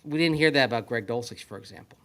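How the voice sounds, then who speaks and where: Man, sports radio co-host, analytical, skeptical, mid-pitched voice. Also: lively intonation, fast talker, fairly bright tone. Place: at a league meeting venue.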